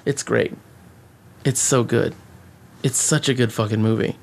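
A man co-hosting a podcast, chatting casually and excitedly about a movie, swearing and rambling with many restarts. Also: mid-range voice, a little slow, vocal fry, slight background noise. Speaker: podcast co-host.

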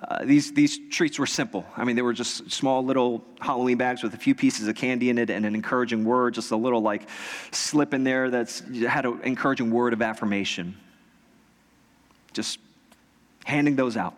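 A male pastor preaching a sermon. He shifts between casual storytelling, bursts of loud excited emphasis, and slow, repeated exhortations. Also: mid-range voice. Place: church sanctuary. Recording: long reverb from a church hall.

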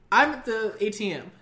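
A man's voice: high voice, slow pace. A young man casually telling a long story, swearing and laughing a lot. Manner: profane, laughs often, animated.

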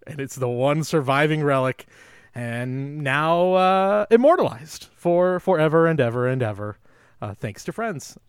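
A fairly high-voiced man co-hosting a podcast, talking in an animated, eager rush peppered with "uh" and "um." The sound is dry and close, with no room around it. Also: unhurried, clear, resonant tone, no echo. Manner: animated, enthusiastic, many fillers. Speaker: podcast co-host. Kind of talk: casual film discussion.

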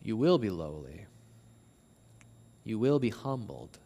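A man preaching an expository sermon with passion. He repeats words as he builds a point, swings between near shouts and low slow passages, and reads scripture aloud. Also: sing-song, gravelly, long reverb tail. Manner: impassioned, rising to near shouts on quoted verses, then dropping low and slow.

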